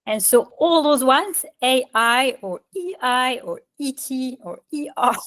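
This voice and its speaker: A woman's voice: fairly high pitch, fairly bright tone, no echo. Chatty woman teaching pronunciation. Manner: chatty, filler-heavy, laughs at French spelling. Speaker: French instructor. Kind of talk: casual online lesson.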